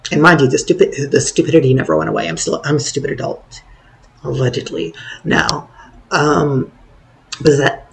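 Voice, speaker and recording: A hoarse young man rambling through a personal story in a wry, self-deprecating way. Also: on the high side. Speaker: vlogger.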